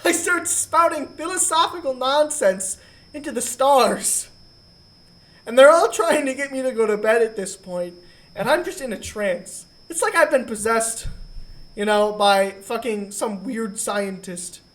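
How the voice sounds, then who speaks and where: A woman co-hosting a podcast, telling a comic story in a casual, profane and animated way. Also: fairly high pitch, a little slow. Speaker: podcast co-host.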